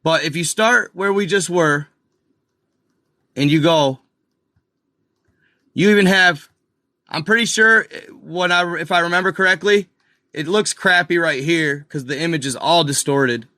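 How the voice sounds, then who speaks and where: A man with a fairly high, bright and forceful voice talks slowly through a casual screen-share commentary, calling his viewers "y'all" and restarting his sentences. He sounds close to the mic in a dry, quiet room. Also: no echo. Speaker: video host.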